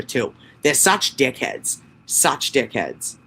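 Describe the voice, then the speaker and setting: A man hosts his own channel, reading an official report aloud in a mid-pitched voice. He keeps cutting in with cursing, sarcastic remarks, with a faint hum of noise behind him. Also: animated, unhurried, long pauses, a bit bright, rough recording. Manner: profane, sarcastic asides. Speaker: channel host.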